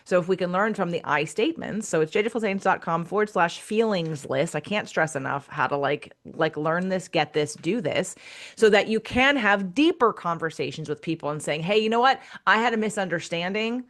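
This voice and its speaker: A woman's voice: on the low side, moderate pace. A woman hosting a casual podcast conversation, frank and blunt, who swears casually and acts out the voices of people she quotes. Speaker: podcast host.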